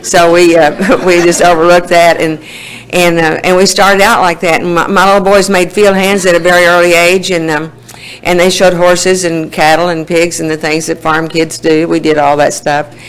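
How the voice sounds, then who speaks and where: A woman's voice: lowish voice, level tone, moderate pace, clean tone, poor audio. Folksy Oklahoman woman in her sixties. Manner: folksy storytelling, laughs often. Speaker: recovery meeting speaker. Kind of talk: personal testimony.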